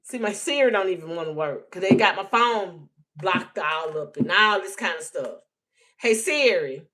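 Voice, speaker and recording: A woman's voice: fairly low pitch, moderate pace, pushed and bright, poor audio. Woman, livestream spiritual reader; emphatic, blunt, repeats herself, swears freely; phone mic. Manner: emphatic, repetitive, blunt and profane.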